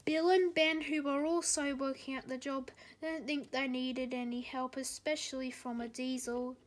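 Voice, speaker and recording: A woman narrating a children's storybook aloud, halting with slips and restarts. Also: high-pitched, level tone.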